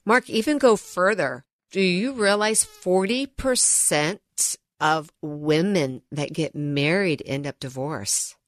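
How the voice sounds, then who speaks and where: A woman's voice: fairly low pitch, expressive, takes it slowly, few pauses, no echo. A woman who works as a financial advisor, telling stories earnestly on a radio show. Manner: earnest, storytelling, addresses co-host by name. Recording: dry studio sound.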